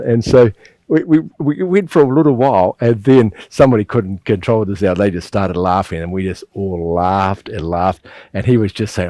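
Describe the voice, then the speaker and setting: A man's voice: lowish voice, a little fast, warm tone, no echo, clean studio sound. A middle-aged man, teaching a qigong class and telling rambling stories with chuckles and restarts. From New Zealand. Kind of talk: instructional class with personal storytelling.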